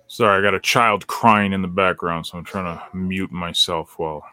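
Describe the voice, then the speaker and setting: Man, podcast host at home, reads viewer questions, easygoing, bright, dry close sound. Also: low-pitched, steady tone, normal speed, no echo. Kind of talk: casual chat.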